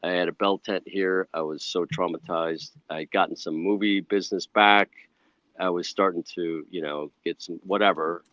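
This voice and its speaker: A man guest telling a long personal story in a casual interview, rambling and animated with many asides. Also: low-pitched, normal speed, dry recording, dull audio. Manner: rambling, animated, full of "you know" asides.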